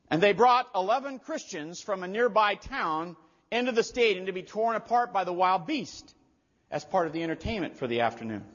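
High-voiced man preaching in a reverberant church. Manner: storytelling, rising to loud emphatic peaks. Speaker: pastor. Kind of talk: sermon. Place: church sanctuary. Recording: dull lo-fi audio with long hall reverb.

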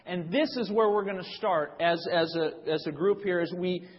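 Guy preaching a sermon, chatty and explaining stuff, kinda high voice, big reverby church. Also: normal speed. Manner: conversational, explanatory, with frequent restarts. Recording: dull sound with long hall reverb.

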